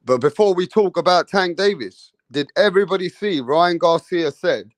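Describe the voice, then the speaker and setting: A man's voice: sits high, animated, moderate pace, few pauses, no echo. A man hosting a casual boxing livestream, greeting viewers in the chat by name in slangy talk.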